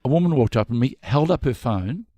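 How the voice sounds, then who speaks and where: A man's voice: mid-range voice, brisk, dry recording, muffled recording. A middle-aged man, a podcast co-host, telling stories in casual chat from his home shed. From Australia. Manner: chatty, animated storyteller.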